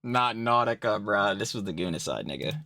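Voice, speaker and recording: Young guy ranting hard, cussing a lot, super exasperated, bright sharp voice. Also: lowish voice, expressive, brisk, creaky, faint music behind. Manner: heated, profane, exasperated, slangy. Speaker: reaction commentator. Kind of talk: ranting reaction commentary.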